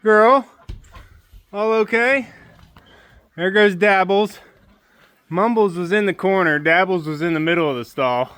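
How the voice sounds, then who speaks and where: Bright-voiced homesteader man coaxing his birds. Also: sits high, a little slow, long pauses, clear, resonant tone, dry recording. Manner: coaxing, sing-song talk to his birds and dog, then plain how-to explaining. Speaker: homesteader and channel host. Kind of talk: casual homestead vlog with talk to animals and explanations.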